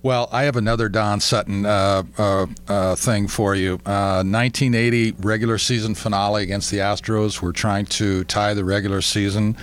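A man, a former player on a podcast, telling relaxed stories with many fillers. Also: on the low side, normal speed, hardly any pauses, clear, resonant tone. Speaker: former ballplayer guest. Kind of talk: casual conversation.

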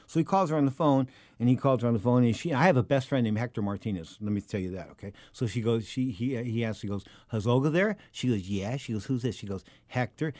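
A middle-aged man telling a long anecdote about his time as a boxing announcer, acting out each quote and turning loud and high when he gets worked up. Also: no echo, studio quality. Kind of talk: animated storytelling.

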